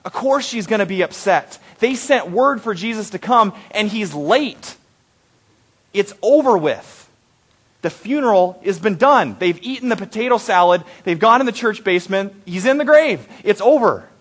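A man's voice: sits high, expressive, normal speed. A man preaching a sermon in a conversational way, asking the congregation questions and acting out quoted prayers with rising intensity. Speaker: pastor.

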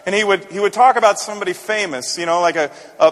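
A man's voice: sits high, fast, fairly bright tone, in a large hall. A man, a senior pastor, preaching a conversational sermon and often repeating words as he builds a point.

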